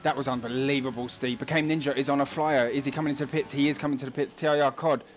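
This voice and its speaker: A man hosts a live sim racing stream from home, chatting loosely and reading viewer messages aloud between laughs. His voice sits at a middle pitch, with a faint hiss of noise behind it. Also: steady tone, rapid-fire. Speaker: stream host. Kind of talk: casual live-stream commentary.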